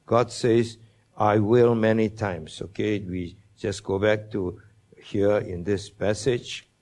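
Slow, emphatic preacher man teaching scripture. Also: on the low side, steady tone, a little mellow. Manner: slow, deliberate, emphatic on quoted promises, asks the listeners questions. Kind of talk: Bible teaching sermon.

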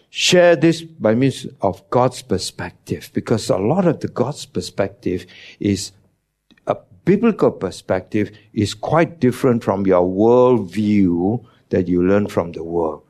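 A man's voice: fairly low pitch, darkish tone. A man preaching a teaching sermon, emphatic, his voice jumping up on key words, with non-native English phrasing.

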